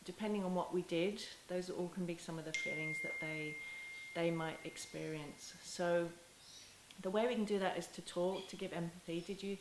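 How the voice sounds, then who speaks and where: A woman teaching parents in a gentle, unhurried way, often restarting her phrases and softly acting out apologies to a child. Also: fairly low pitch, fairly even intonation. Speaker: parenting educator. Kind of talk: talking-head teaching video. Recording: echoey room with faint hiss.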